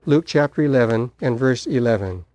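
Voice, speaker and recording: A man preaching a sermon, telling stories in a halting way with many pauses and fillers. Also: mid-range voice, animated, a little mellow, dry recording. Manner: halting storyteller, frequent uh fillers.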